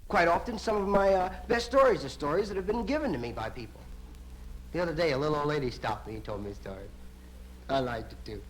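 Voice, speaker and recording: A lively, animated male comedian. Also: fairly high pitch, fast, rough recording. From United States. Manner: lively, playful storytelling with sudden voice jumps. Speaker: stand-up comedian. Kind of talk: live stand-up storytelling. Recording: hissy vinyl record of a live show.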